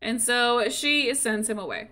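A woman's voice: a little high, unhurried, sharp tone, slight background noise. A woman streamer giving chatty, rambling commentary while playing a life-sim game. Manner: chatty, rambling, full of "like" and laughter. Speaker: gaming streamer. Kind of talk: casual let's-play commentary.

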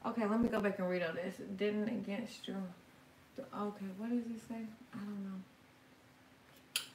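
A woman's voice: medium pitch, fairly even intonation, measured pace, darkish tone, a little hiss or hum. Chatty woman on a roomy live stream. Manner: chatty, reads viewer comments aloud and answers them; frank and slangy, swears now and then. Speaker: tarot reader hosting a live stream. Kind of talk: casual live-stream chat. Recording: roomy, distant from the mic, faint ambience.

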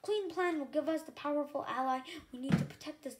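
A woman's voice: high-pitched, brisk, lightly acted. A woman reading aloud and voicing a stern, bossy male elder dragon who bellows and hisses at the young. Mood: scolding. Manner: bellowing, hissing, scolding.

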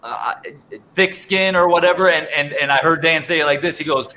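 A man hosting a casual faith livestream, telling animated stories, laughing often and repeating words. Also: fairly high pitch, fairly quick, slight background noise, low-quality recording. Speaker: host.

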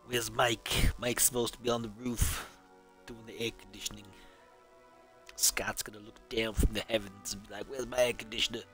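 A streamer riffing in a wry, rambling way as he plays, his lowish male voice bright and forceful. He sounds casual and unscripted, with faint game music underneath. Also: monotone, moderate pace. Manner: wry, rambling running commentary. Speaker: streamer playing through a game marathon. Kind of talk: casual live-stream commentary.

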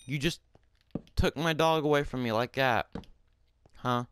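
A man giving casual gameplay commentary, swearing and shouting in frustration, then talking softly to his in-game pet. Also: mid-range voice, unhurried, a little hiss or hum.

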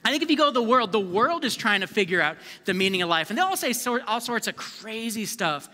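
A man preaching a live sermon as a youth pastor, energetic and conversational, calling on the crowd to answer back. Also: high voice, quick pace. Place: church service hall. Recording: long reverb of a large hall.

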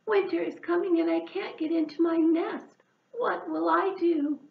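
A woman putting on a small female hedgehog in a storybook, high and squeaky, wailing and fretting at every setback. Her voice sits well above an ordinary speaking pitch. The sound is dull and lo-fi, with an echo off the room. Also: sing-song, unhurried. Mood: distressed. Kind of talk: storybook read-aloud.

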